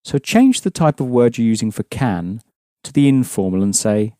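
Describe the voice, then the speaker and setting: A man's voice: medium pitch, big pitch swings, normal speed, warm tone, no room sound, studio quality. A man teaching a language lesson, explaining patiently and prompting his students with questions.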